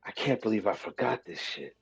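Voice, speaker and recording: A man's voice: on the low side, expressive, fairly quick, gravelly, slightly rough, dull audio, soft background music, heavily acted. A man playing a tipsy adventurer, sing-song. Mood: annoyed. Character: cheerful male adventurer acting drunk.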